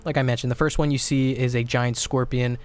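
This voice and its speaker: A man's voice: medium pitch, level tone, a little fast. A man narrating a tabletop game as its game master. He describes scenes in a loose, conversational way, stopping for fillers and asking players to roll. Faint music plays behind him.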